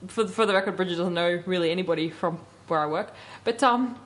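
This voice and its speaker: A woman's voice: fairly low pitch, fast. A young woman co-hosting a casual radio chat show, telling a story animatedly and laughing often.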